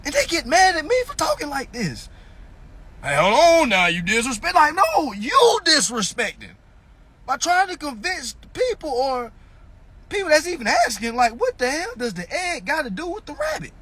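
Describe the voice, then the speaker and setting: A man's voice: very high-pitched, wildly swooping pitch, moderate pace, fairly bright tone. A man in a casual ranting monologue on a phone live stream, mocking and profane, firing off rhetorical questions.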